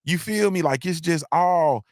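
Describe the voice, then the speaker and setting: A man's voice: on the high side, unhurried, dry recording, studio quality. A man hosting a livestream, talking in a loose, rambling monologue with slangy asides and many restarts. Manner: rambling, repeats himself, frequent restarts, slangy. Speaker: livestream host.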